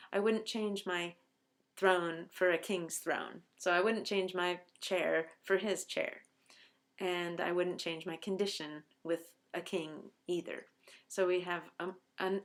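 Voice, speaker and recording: A middle-aged woman, a college professor, explaining a poem line by line and reading its verses aloud slowly. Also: on the low side. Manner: slows down to recite verse aloud. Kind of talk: line-by-line poetry lecture.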